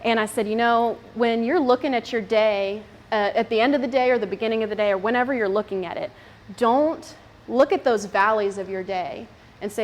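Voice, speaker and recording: A woman's voice: fairly high pitch, a little fast. A young woman giving a casual, chatty talk to a mothers' group, laughing often and using many fillers.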